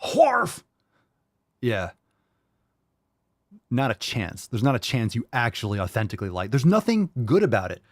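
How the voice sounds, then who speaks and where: Here a podcast host goes live with a blunt, foul-mouthed rant, imitating his listeners in mocking voices to ridicule their excuses. He speaks at normal speed with long pauses, in a lowish, very animated voice, captured as clean studio sound without echo.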